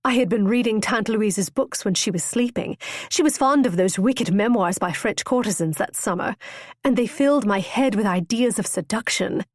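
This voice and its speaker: A woman's voice: medium pitch, normal speed, no room sound, studio quality, natural voice. A woman voicing an impulsive, witty young noblewoman who tells her tale eagerly and theatrically. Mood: lively. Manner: bright, eager, storytelling.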